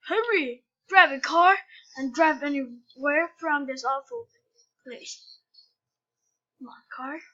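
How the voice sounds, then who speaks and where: Woman gamer, high voice, slow delivery, frustrated running commentary. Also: pushed and bright, lo-fi sound. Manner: frustrated, exclaiming, complaining. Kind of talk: casual gameplay commentary.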